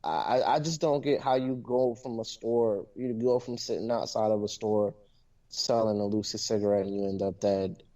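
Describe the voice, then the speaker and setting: A low, dark-voiced man speaks haltingly and with feeling, stumbling over his words as he co-hosts a casual podcast. He sounds set back from the mic, and the sound is dull. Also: little pitch movement, far from the mic. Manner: emotional, halting, restarts, upset. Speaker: podcast co-host.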